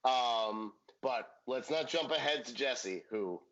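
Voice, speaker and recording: A man's voice: mid-range voice, lively intonation, a little slow, fairly bright tone, highs cut off. A man co-hosting a podcast, chatting casually and jokingly about a sitcom episode and swearing now and then. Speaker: podcast co-host. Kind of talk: casual chat recapping a sitcom.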